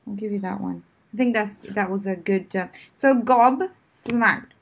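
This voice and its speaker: A woman's voice: medium pitch, unhurried, vocal fry. A woman with a British accent, an English teacher quizzing a colleague on slang and spelling words out. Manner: patient, spells words letter by letter. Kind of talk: live-stream lesson chat.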